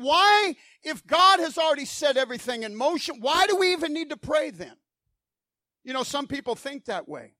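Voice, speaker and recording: A man's voice: very high-pitched, a bit bright, no room sound, studio quality. A man preaching a sermon in a fervent, emphatic style, asking the congregation rhetorical questions.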